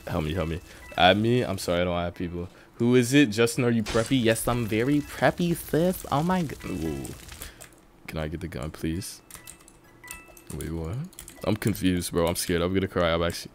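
A young man live-streaming a video game, reading his chat aloud and reacting with loud outbursts and quiet mumbling. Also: sits low, moderate pace, faint music behind. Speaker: livestreamer. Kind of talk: casual live-stream chatter while gaming.

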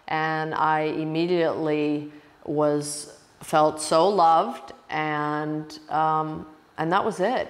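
Casting: expressive woman yoga teacher, personal storytelling, lowish voice, reverberant room. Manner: emotional, expressive, restarts often.

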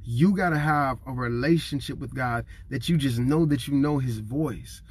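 A man's voice: medium pitch, normal speed, husky. A man in his thirties preaching to camera in an earnest, conversational way, emotional and near tears. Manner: earnest and conversational, acting out what others say; emotional, fighting back tears.

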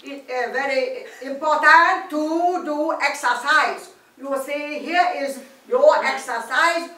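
A woman's voice: sits high, fairly bright tone, slight background noise, pitched above the performer's own voice, exaggerated voice. A woman voicing an emphatic Chinese female wrinkle specialist with a put-on Chinese accent, drawing out and repeating her words. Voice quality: emphatic, drawn-out, repetitive. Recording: echoey room, distant mic.

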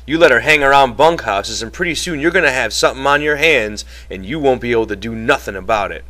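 A man reading an audiobook and voicing a gruff ranch hand who taunts bluntly. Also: mid-range voice, animated, quick pace, sharp tone. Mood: taunting.

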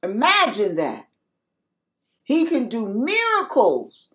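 A woman's voice: fairly high pitch, wildly swooping pitch, slow pace, a bit bright. An older woman giving a spoken devotional sermon to her viewers, emphatic and repetitive as she exhorts them. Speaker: christian video preacher.

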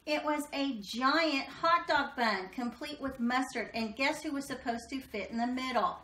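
A woman reading a children's picture book aloud, expressive and slowing down for dramatic moments. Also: sits high. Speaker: storybook reader. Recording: echoey room.

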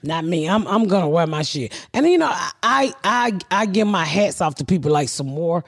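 A woman in her forties, a comedian hosting a podcast, telling stories in a brash, profane, animated way. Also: lowish voice, normal speed. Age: 40s. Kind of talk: casual storytelling chat.

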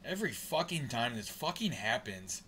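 Bright-voiced, cursing male streamer. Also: mid-range voice, sing-song, normal speed, a little hiss or hum. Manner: frustrated, profane, grumbling at the game. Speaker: live streamer. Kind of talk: live gameplay commentary.

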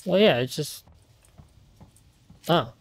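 A man's voice: on the high side, lively intonation, slow. Jumpy, swearing male game streamer. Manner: jumpy, rambling and nervous, swearing often. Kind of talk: live gameplay commentary.

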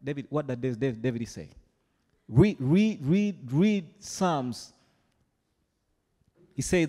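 A man preaching a sermon as pastor, animated and playful, often mimicking his congregation. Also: a little high, takes it slowly, pauses often. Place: large church hall. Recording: long hall reverb.

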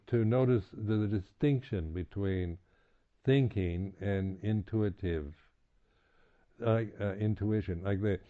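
A man giving a reflective dharma talk as a meditation teacher on retreat, halting, with many restarts and repeated words, and soft chuckles between points. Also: fairly low pitch. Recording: tinny, phone-like lo-fi recording.

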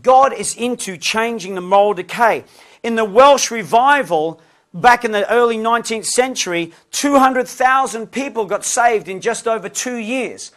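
High-voiced man telling stories in a lesson. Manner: lively anecdotal, conversational asides. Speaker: preacher and lecturer. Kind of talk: lesson with humorous storytelling.

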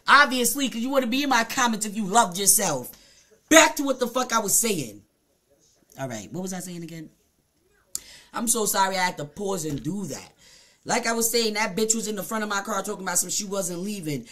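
A woman's voice: on the high side, animated, moderate pace, bright, forceful tone. A woman live-streaming, telling a story and cursing out a viewer in the comments in a heated, profane, confrontational way. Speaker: Twitch streamer.

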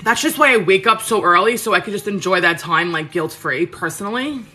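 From her home kitchen, a Queens, New York cooking host in her 30s chats frankly with livestream viewers, answering them with many fillers. Her medium-pitched voice is animated and sharp, a little fast, with faint music behind.

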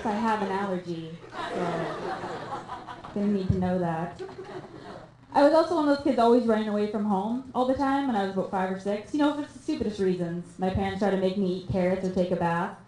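A young woman from Canada performing a stand-up comedy set on a theatre stage, deadpan and self-mocking with quick asides. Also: medium pitch, noisy background. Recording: echoey room, live audience.

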